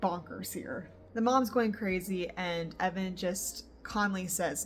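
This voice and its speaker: A woman's voice: lowish voice, takes it slowly, slight background noise. A young woman book vlogger chatting casually at home about a novel she is reading, reacting with laughs. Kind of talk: casual reading vlog chat. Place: home in the countryside.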